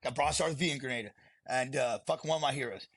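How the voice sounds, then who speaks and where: Middle-aged man, gravelly and husky, blunt and profane storyteller, podcast guest. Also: medium pitch, fast, a bit bright, dry recording. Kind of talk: candid storytelling.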